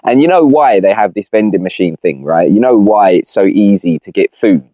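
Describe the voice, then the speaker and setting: A man's voice: on the low side, expressive, normal speed, dark tone, no room sound. A young man on a podcast, chatting casually in rambling slang with lots of restarts. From Britain. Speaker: podcast co-host. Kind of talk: casual chat.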